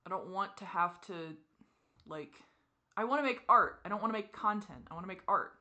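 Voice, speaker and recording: A woman venting in a personal confessional vlog, teary and frustrated, with sighs and soft muttered asides. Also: on the low side, brisk. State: teary, crying. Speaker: vlogger.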